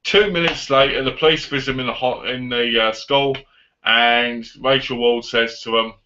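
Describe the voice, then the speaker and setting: A man casually reviewing a film on his vlog, retelling the plot in an animated way and acting out the lines. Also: mid-range voice, normal speed. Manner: animated retelling with acted-out quotes. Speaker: movie reviewer. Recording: dull lo-fi audio.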